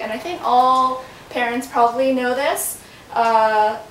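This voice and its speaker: A woman filming a casual home workout in her bedroom, chatting and talking to her baby as she exercises, getting out of breath. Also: fairly bright tone. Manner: chatty, talks to her baby in a sing-song voice. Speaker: vlogger. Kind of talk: casual home fitness demonstration. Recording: roomy, from a distance with faint rumble.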